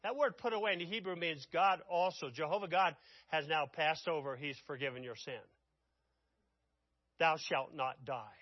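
A man preaching a sermon, telling the story dramatically and swinging from loud outbursts to hushed asides. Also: fairly high pitch, fairly quick, hardly any pauses, no room sound, muffled recording.

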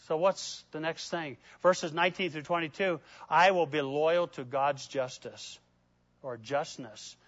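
Impassioned high-voiced man preaching. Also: no echo, dull audio. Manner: impassioned, swings from loud emphatic peaks to hushed prayerful asides; reads scripture slowly and deliberately. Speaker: pastor. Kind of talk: sermon.

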